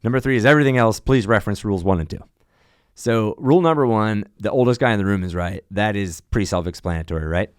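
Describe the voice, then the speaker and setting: Casting: male airline pilot guest, low smooth voice, dry close sound, animated storyteller. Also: fast, no echo. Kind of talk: casual podcast chat.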